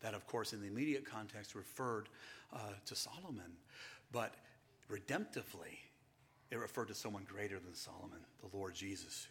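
A man's voice: fairly low pitch, normal speed, fairly bright tone, a little hiss or hum. A man preaching a sermon to his congregation, calling them saints and asking and answering his own questions. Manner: preaching, asks and answers rhetorical questions, rises to emphatic passages; addresses listeners as saints. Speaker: pastor.

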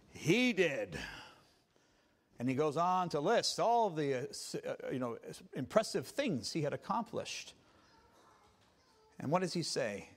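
A man preaching a Sunday sermon as pastor, emphatic and swinging between quiet passages and loud ones. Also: sits high.

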